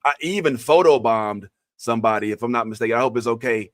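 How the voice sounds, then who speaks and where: A man hosting a casual live show, teasing his guest in an animated, joking way. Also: mid-range voice, quick pace, no echo, clean studio sound. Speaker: host. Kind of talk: casual chat.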